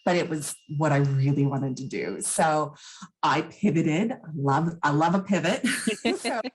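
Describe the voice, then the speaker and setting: Woman, low voice, husky, podcast guest, business coach, casual chat, restarts and repeats words. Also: animated, a little slow, low-quality recording.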